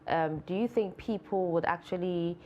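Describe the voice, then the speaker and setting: A woman's voice: on the low side, moderate pace, a little mellow, muffled recording, slight background noise. A woman, hosting a TV interview and asking hesitant questions full of fillers. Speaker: TV show host.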